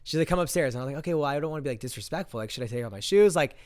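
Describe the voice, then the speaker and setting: A young man vlogging, telling a story in a casual, animated way and acting out the lines he quotes. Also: fairly high pitch, very fast. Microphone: handheld mic.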